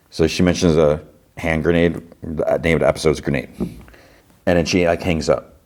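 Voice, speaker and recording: A man's voice: very deep voice, steady tone, normal speed, a little mellow. A man hosting a podcast, casually recapping a TV episode in a rambling way full of fillers. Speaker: podcast host.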